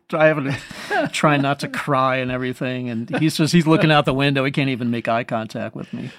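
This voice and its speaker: A man's voice: mid-range voice, brisk, dry recording, clean studio sound. A man, a musician guest telling stories in a casual interview, acting out what others said. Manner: animated storyteller, quotes others in lively voices.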